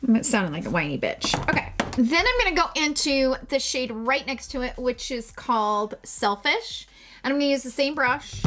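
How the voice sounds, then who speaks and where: A woman's voice: a little high, a bit bright. A woman doing a casual makeup tutorial, gushing and chatty, who swears casually and jokes at her own expense. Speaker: beauty vlogger.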